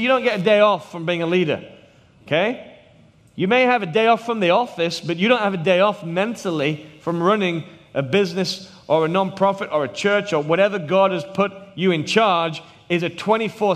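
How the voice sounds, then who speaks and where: A man in his thirties with a British accent, a missionary preaching a sermon and telling stories, at times dropping to hushed tones. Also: sits high, a little fast, in a large hall. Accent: British English. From England. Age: 30s. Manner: storytelling, drops to hushed tones for effect.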